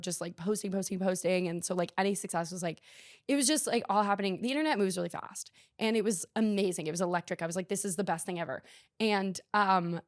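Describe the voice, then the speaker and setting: On her podcast, a young host tells a meandering story at her own expense, peppered with "like." She has a medium-pitched voice captured in a clean studio with no echo.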